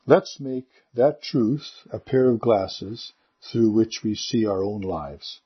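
Husky-voiced man preaching earnestly. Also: lowish voice, muffled recording. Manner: earnest, measured preaching and prayer. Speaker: pastor. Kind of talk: sermon.

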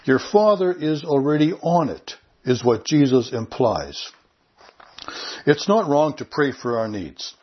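A man's voice: mid-range voice, sing-song, a little slow, breathy edge, muffled recording. A man preaching a sermon in an earnest, conversational way, lifting his voice on key phrases. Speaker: pastor.

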